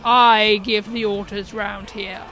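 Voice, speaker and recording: A woman voicing a ranting male alien tyrant who barks slow, grinding commands. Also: mid-range voice, flat delivery, music in the background, lightly acted. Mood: cold.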